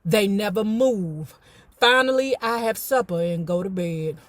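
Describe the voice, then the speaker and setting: A woman hosting a book club, reading a novel aloud and breaking off into animated, slangy, profane commentary. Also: medium pitch, measured pace, no room sound. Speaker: YouTuber and book club host.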